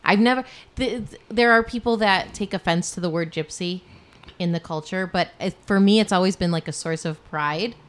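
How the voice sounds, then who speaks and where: A woman's voice: fairly low pitch, normal speed. A woman co-hosting a casual chat, talking with chatty enthusiasm. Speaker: podcast co-host.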